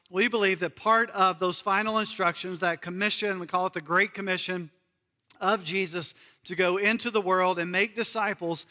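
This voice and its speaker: Male pastor from the US, high and bright voice, earnest sermon delivery with repeated key phrases, long hall reverb. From United States. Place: church sanctuary.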